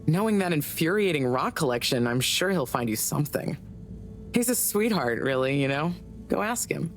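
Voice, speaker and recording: Low-pitched, chatty middle-aged woman who says too much, game character. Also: big pitch swings, moderate pace, a little hiss or hum. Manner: chatty, gossipy. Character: chatty, indiscreet married woman scientist.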